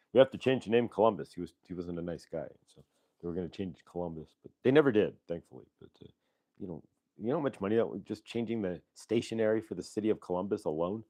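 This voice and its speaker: Hosting a livestream on channeling and card reading, a man with a low, slightly mellow voice chats casually with viewers while reading oracle cards. He rambles with plenty of fillers and friendly asides, and the recording is dry.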